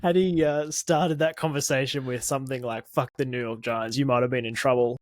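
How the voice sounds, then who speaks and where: A man's voice: mid-range voice, fairly even intonation, brisk, no room sound. A man co-hosting a podcast in casual chat, laughing easily and telling stories against himself. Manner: laughs easily, chatty and self-mocking. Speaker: podcast co-host.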